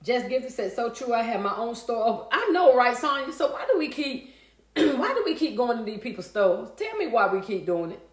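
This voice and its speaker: Her voice is fairly high and sing-song, her pace moderate, as this livestream host chats folksily with her audience. She reads out viewer comments, and the room sounds echoey.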